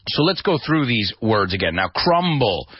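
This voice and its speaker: A man hosting a radio English lesson as DJ and teacher, animated and demonstrative, spelling out words and acting out their meanings. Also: lowish voice, moderate pace, husky, dry recording, dull audio. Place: radio studio.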